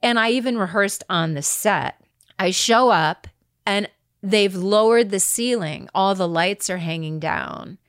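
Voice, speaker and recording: A woman's voice: medium pitch, a little slow, clean tone, no room sound, studio quality. A middle-aged actress, a woman, telling anecdotes in casual chat and acting out the people she quotes. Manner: animated, acts out quoted people. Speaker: actress guest.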